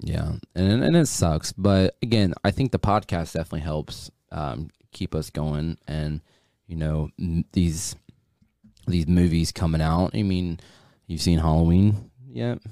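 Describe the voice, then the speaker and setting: A man who is a guest on a podcast, talking in a laid-back, halting way that often trails off. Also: low-pitched, vocal fry, mellow, no room sound, studio quality. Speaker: guest, horror writer and haunt actor. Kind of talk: casual podcast chat.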